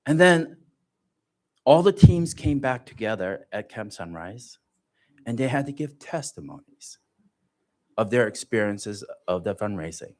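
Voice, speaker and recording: A man shares his own faith story at a church gathering, his pitch swinging widely as he talks. He speaks slowly and deliberately and pokes fun at himself along the way. He sounds like a storyteller speaking to a congregation. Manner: animated storytelling, self-joking, laughs often. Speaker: church speaker giving testimony. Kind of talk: personal testimony at a church livestream.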